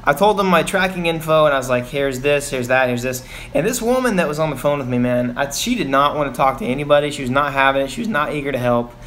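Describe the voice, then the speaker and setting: A man's voice: a little high, fast, few pauses, fairly bright tone, slight background noise. A young man venting on a casual live stream from his home garage, sighing often and rambling with fillers about a bad experience. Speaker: vlogger.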